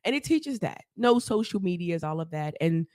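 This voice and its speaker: A woman, a therapist, telling her story as a podcast guest, animated and laughing often as she acts out quotes. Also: fairly low pitch, moderate pace, no echo, clean studio sound. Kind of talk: casual storytelling interview.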